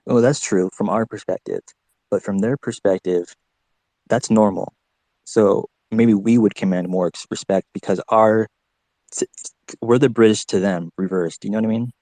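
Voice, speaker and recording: Mellow low-voiced rambling man. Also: fairly even intonation, normal speed, dry recording. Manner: rambling, restarts, checks if understood. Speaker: podcast host. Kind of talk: casual chat.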